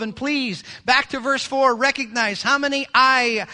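A man, the pastor, preaching a sermon in a lively, joking way, often mimicking people. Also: extremely high pitch, a little slow, hardly any pauses, clean tone.

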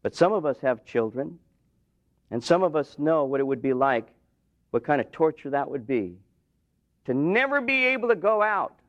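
A man's voice: a little high, very animated, moderate pace. A man preaching a sermon in a church, retelling scripture with dramatic rises and drops in intensity. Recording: dull lo-fi sound.

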